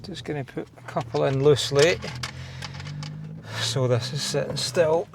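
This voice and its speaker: This casual install walkthrough features a Scottish car DIY host whose medium-pitched voice is creaky and husky at a normal speed. Tinkering inside a parked car, he chats away, makes fun of himself and thinks out loud.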